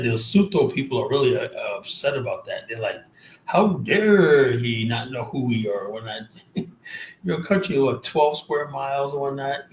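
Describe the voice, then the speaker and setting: Speaking at medium pitch with slight background noise, a Queens man from South Jamaica, New York, hosts a livestream. He rants casually, mocking and cursing as he rambles.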